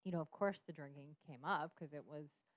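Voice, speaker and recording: This podcast guest, a woman in her thirties, speaks briskly in a low-pitched voice, with no room sound. Her storytelling is personal and blunt, peppered with profanity and frequent laughs.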